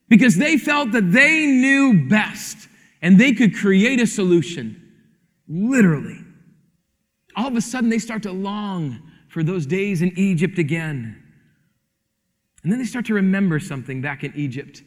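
Male pastor, high bright voice, lively storytelling sermon, reverb from a hall. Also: moderate pace. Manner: animated storytelling, acting out dialogue.

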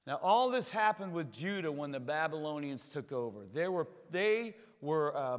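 A man's voice: a little high, big-room sound. A man preaching a sermon as a pastor, talking in a conversational way and often repeating words as he goes.

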